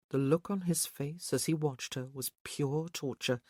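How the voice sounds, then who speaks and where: Reading from a romance novel, an audiobook narrator keeps a steady, unhurried pace at a mid-range pitch. There's no echo; the sound is dry and close-miked.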